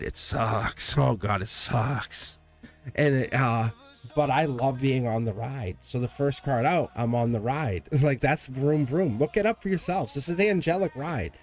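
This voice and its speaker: A man with an average-pitched voice chats loosely through a live tarot reading. He laughs often and rambles, breaking off to quote himself. Faint music plays underneath. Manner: chatty, laughs often, rambling self-interrupting stories. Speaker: tarot reader. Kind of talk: casual livestream chat. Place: home studio.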